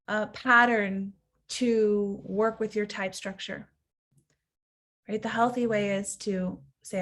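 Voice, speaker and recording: A woman's voice: mid-range voice, steady tone, takes it slowly, long pauses, a bit bright. A woman in her thirties, a coach giving an earnest, reflective teaching talk and sometimes acting out the inner voice of fear.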